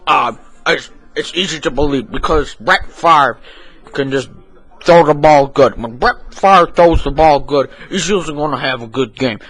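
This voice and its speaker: A man's voice: normal speed, a bit bright, breathy edge, no echo, poor audio. A man voicing a rambling older football commentator in a homemade comedy sketch, repeating himself in circles. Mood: gushing. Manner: repetitive, circular, exclamations of "boom". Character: rambling older male football commentator, fixated on one quarterback.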